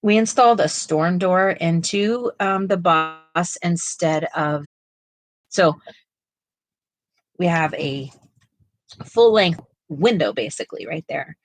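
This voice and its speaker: A middle-aged woman talks casually while painting on a live stream, rambling with fillers and restarts. Her voice sits on the low side. The sound is dry, with no room around it. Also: slow pace, pauses often, dry recording, poor audio. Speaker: co-host of live art stream.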